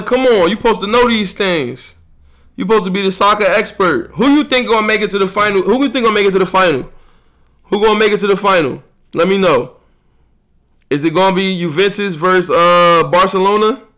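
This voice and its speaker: A young man hosting a podcast, talking fast and heatedly, bragging and ribbing his friends in casual slang-heavy chat. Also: sits high, pushed and bright. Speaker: podcast host.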